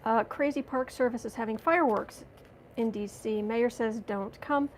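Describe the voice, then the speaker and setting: A woman's voice: a little high, normal speed, a little hiss or hum. A woman hosting a livestream as a tarot reader, chatting casually and sarcastically while reading out viewer comments.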